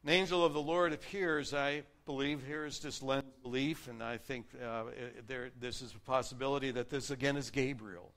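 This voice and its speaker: A man preaching a sermon, earnestly reading and explaining scripture, varying his loudness for emphasis. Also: medium pitch, fairly even intonation, normal speed, hardly any pauses.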